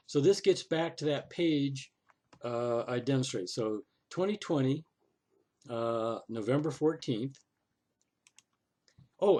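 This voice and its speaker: A man with a medium-pitched, slightly mellow voice and a breathy edge narrates a screen-recorded walkthrough. He thinks aloud, dropping "oh" and "okay" often, and sounds sarcastic and exasperated as he complains to the city council.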